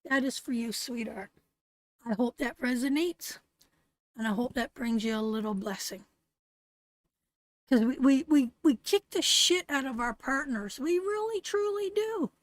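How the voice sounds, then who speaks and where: A middle-aged woman from Canada hosting a live tarot show, her voice sitting high. She talks bluntly and curses freely while giving viewers a pep talk. The sound is dry and close, with no room echo. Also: animated, a little slow. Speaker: tarot reader and host. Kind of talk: live-stream tarot reading and chat.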